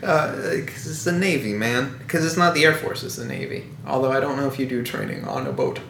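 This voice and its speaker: A man's voice: medium pitch, big pitch swings, a little fast, creaky, a bit bright. A man in casual chat, playful and joking, arguing for his version of things. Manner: jokey, laughs easily, argues his version. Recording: echoey room, faint background noise.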